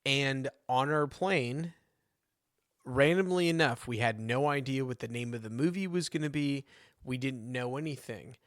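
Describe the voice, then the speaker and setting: A man co-hosting a podcast in casual chat, relaxed and teasing. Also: medium pitch, moderate pace, no echo, clean studio sound. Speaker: podcast co-host.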